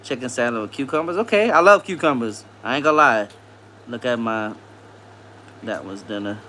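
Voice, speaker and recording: A man hosting a casual live stream, reading viewer comments aloud, greeting people by name and repeating phrases in a relaxed way. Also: medium pitch, normal speed, slight background noise.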